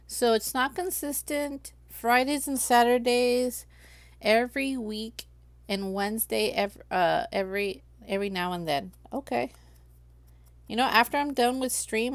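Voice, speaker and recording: A woman with a slightly high, creaky voice hosts a crafting livestream, chatting casually with viewers and reading chat aloud. She thinks out loud and talks to herself as she works, with no echo.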